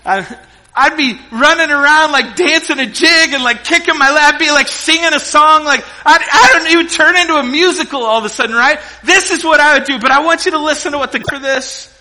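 A man preaching a sermon, animated and joking, acting out the characters' voices while a little sick. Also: very high-pitched, brisk, poor audio. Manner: animated, jokey, acts out voices. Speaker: pastor.

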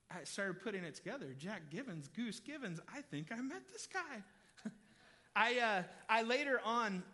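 A male pastor preaches a sermon in a high, ringing voice, sharing personal stories in a lively, chatty way. He keeps addressing the congregation directly with questions, and his tone stays bright and forceful throughout.

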